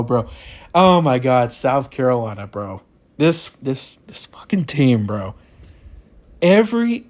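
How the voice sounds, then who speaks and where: A young man giving a frustrated postgame rant as a college football fan, repeating himself and ranting. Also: medium pitch.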